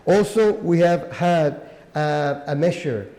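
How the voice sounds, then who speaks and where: Guy, lots of uhs, slightly high mellow voice, echoey room. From Chile. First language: Spanish. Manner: halting, frequent uhs. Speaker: regional governor, panelist. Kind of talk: panel remarks.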